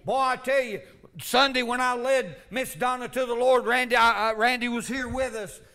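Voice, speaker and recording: A man preaching a fervent sermon, swinging from loud calls to low asides. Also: steady tone, moderate pace. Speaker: pastor.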